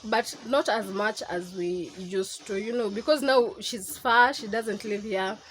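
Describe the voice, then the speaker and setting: A woman's voice: a little high, slight background noise, rough recording. A young woman with a Kenyan accent, chatting candidly to camera in a casual vlog and slipping into Swahili slang. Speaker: vlogger.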